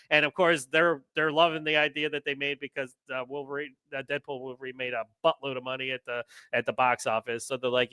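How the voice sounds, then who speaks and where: A man hosting a podcast in casual chat, excitable and ranting, with the odd curse. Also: a little high, a little fast, hardly any pauses, smooth, no echo. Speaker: podcast host.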